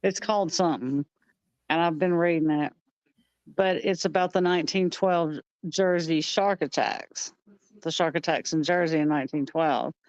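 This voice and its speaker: A woman's voice: sits low, moderate pace, a little mellow, no echo, highs cut off. A woman on a live panel chat, explaining facts in a casual way. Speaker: panel guest.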